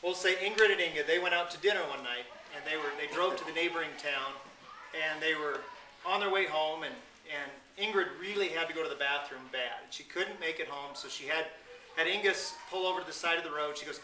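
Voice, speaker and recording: A man's voice: on the high side, brisk, pushed and bright. A man telling a long, folksy joke at a family reunion, rambling and restarting as he goes. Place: indoor room at a family gathering. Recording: roomy, distant home video with noise.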